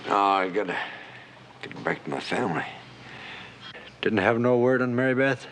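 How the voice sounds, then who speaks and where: A fierce, proud father with a rough backwoods drawl. He talks in a dramatic, stubborn way. The old TV western soundtrack carries a steady hiss. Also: fairly low pitch, normal speed. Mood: defeated. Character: proud stubborn mountain man, rainmaker father. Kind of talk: 1960s TV western acting.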